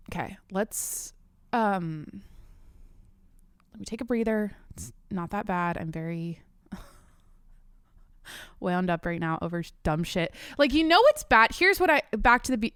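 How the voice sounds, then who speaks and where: A woman's voice: medium pitch, clear, resonant tone, dry recording. A young woman hosting her own podcast from a home desk studio, ranting casually with lots of swearing and restarts. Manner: animated, profane venting with frequent restarts. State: slightly out of breath. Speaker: podcast host. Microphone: desk microphone.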